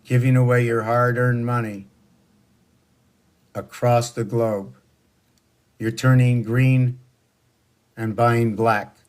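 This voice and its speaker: A man's voice: mid-range voice, flat delivery, slow, long pauses, clean tone. A man in his sixties giving a rambling, preachy spoken monologue full of rhetorical questions. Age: 60s. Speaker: social media monologuist.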